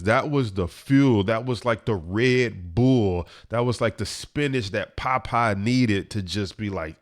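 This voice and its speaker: A man telling a personal story as a motivational speaker, earnest and building from hushed to emphatic. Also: on the low side, expressive, measured pace.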